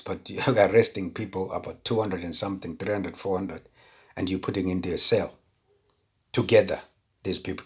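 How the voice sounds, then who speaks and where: Deep voiced guy ranting his opinion, kinda husky, keeps asking does that make sense. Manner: indignant, full of rhetorical questions; repeats words when heated. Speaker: political commentator. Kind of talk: impassioned opinion monologue.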